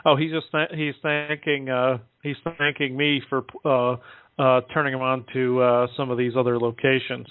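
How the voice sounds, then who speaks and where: A man talking casually on a call-in show, halting often with fillers as he relays what he is told. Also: medium pitch, flat delivery, clean tone, no echo. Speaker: guest relaying contact reports. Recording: dry tinny phone line.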